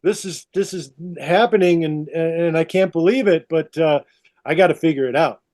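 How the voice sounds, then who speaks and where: A man's voice: on the high side, normal speed, a little mellow, natural voice. A man voicing Adam as a shaken, bewildered first man who asks flustered questions while telling a story.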